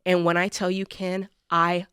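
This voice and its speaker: A woman co-hosting a money advice show, telling a personal story in an animated, emphatic way and repeating phrases for effect. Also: lowish voice, a little slow, clean tone, no room sound, clean studio sound. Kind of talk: personal storytelling in studio conversation. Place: radio studio.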